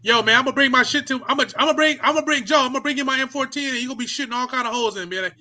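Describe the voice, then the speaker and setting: A man's voice: extremely high pitch, rapid-fire, bright, forceful tone. A man chatting on a live podcast stream, rambling and repeating himself as he tells stories. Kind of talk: casual live-stream banter.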